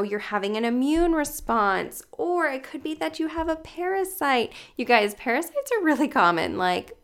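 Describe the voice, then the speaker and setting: A woman coaching on health in a casual livestream, chatty and loose with her fillers. Her voice sits a little high and carries a gravelly fry at the ends of phrases, yet it stays smooth and resonant. She breaks off now and then to greet viewers by name. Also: fairly bright tone. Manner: chatty, many fillers like "like" and "you guys".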